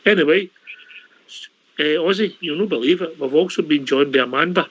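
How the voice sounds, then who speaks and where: A man's voice: on the high side, normal speed, fairly bright tone, husky. Chatty Scottish man hosting a call-in. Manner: chatty, uses local words like aye and wee. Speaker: call-in show host. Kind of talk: casual fan call-in chat. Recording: lo-fi online call audio.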